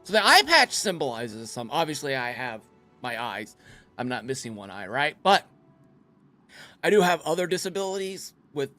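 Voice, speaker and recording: A man hosting his own gaming channel, giving excitable, playful gameplay commentary and laughing easily. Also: medium pitch, moderate pace, soft background music.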